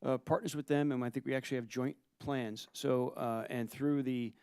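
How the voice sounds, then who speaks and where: A Coast Guard officer testifies at a hearing in a mid-pitched voice that is crisp and smooth. He is formal and deferential. The sound is close and dry. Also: steady tone, normal speed, a little mellow, no echo. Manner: formal and deferential, says "sir". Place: hearing room.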